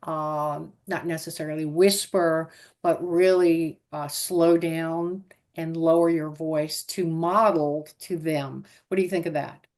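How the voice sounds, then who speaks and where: A woman's voice: low voice, steady tone, slow pace, a little mellow. A woman interviewing a guest, thoughtful and asking questions with some fillers. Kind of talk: interview conversation.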